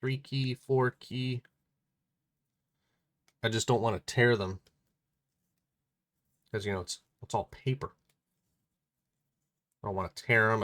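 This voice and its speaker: A man's voice: mid-range voice, a bit bright. A man streaming live, reading a puzzle book aloud and chatting playfully, often muttering to himself as he works.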